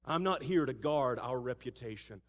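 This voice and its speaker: A man voicing Jesus in a sermon, speaking slowly and earnestly. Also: medium pitch, voice pushed down, natural voice. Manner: slow, hushed and earnest. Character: calm, solemn male Jesus speaking. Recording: church hall with long reverb.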